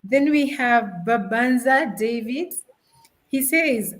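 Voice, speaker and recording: A woman's voice: fairly high pitch, expressive, a little slow, low-quality recording. A woman from Africa hosting a live-streamed talk show, chatty, laughing often as she reads out greetings from viewers. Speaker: host.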